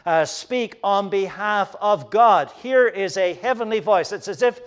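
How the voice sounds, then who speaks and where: A man preaching an expository sermon, measured, with frequent fillers and restarts. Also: high-pitched. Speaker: pastor.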